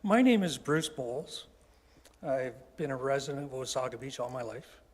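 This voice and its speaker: A man's voice: mid-range voice, animated, moderate pace. A local man addressing a town council, formal and a little hesitant. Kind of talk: public comment at a council meeting. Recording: long reverb of a council chamber.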